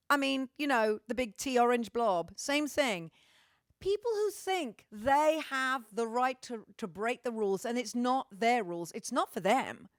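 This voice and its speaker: A woman's voice: fairly high pitch, no room sound, clean studio sound. A middle-aged woman from Britain chatting cheekily to her fans, swearing freely and joking in a theatrical way. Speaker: vlogger and singer. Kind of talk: casual sweary monologue to fans.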